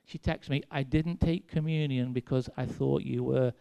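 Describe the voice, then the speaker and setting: A man's voice: mid-range voice, fairly even intonation, moderate pace, gravelly, warm tone, muffled recording. A man with an English accent preaching a sermon in a conversational, self-deprecating way, with dry sarcasm. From England. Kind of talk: sermon with personal stories.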